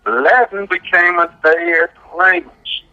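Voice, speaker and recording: A man's voice: sits high, huge pitch swings, slow, bright, forceful tone, muffled recording. A man speaking, giving a casual radio talk as a guest and pressing his points with a frequent "right?". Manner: emphatic, asks "right?" often.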